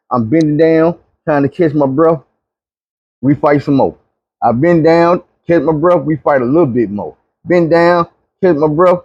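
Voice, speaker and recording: A man telling a long dream story, animated, dropping low and quiet when he pleads. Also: no echo, dull audio. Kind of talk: recounting a dream testimony.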